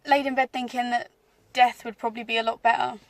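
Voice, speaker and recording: A young woman from England talks straight to camera, candid and wry, about her own life. Her voice sits a touch high with a gravelly fry, and the sound is dry and close. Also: flat delivery, fast, no room sound. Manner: candid, wry, emotional at times. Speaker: vlogger. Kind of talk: personal storytelling to camera.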